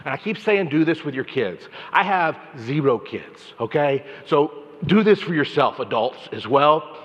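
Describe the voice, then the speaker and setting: Animated man on stage in an echoing hall. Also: on the high side, a little slow. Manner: animated, repetitive, addresses audience members by name. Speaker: memory trainer giving a keynote. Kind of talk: energetic stage talk to a live audience. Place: large conference hall. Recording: hall reverb, dull lo-fi sound.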